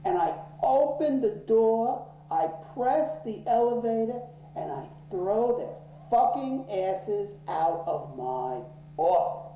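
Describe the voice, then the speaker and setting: Man, interviewee, very dark tone, swears a lot, heated and loud when angry, slow delivery. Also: sits high, sing-song, a little hiss or hum. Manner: swears freely, gets worked up and loud in anger. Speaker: interviewee, office owner. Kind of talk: profane, animated storytelling in an interview. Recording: roomy echo.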